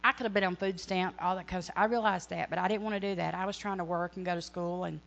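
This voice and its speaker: A woman's voice: fairly low pitch, steady tone, fast talker, gravelly, a bit bright. A middle-aged woman sharing a church testimony, earnest and rambling, often correcting herself. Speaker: ministry speaker.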